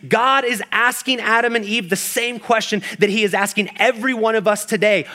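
Man, pastor, sermon, high voice, repetitive rhetorical build. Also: steady tone, brisk, few pauses, pushed and bright. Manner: building repetition, rising intensity in rhetorical questions.

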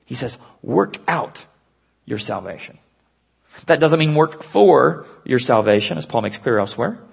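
A man preaching an earnest sermon, dropping to a hush and slowing down to stress key points. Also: medium pitch, big pitch swings, creaky, husky. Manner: earnest preaching with hushed, slowed emphasis. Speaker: pastor.

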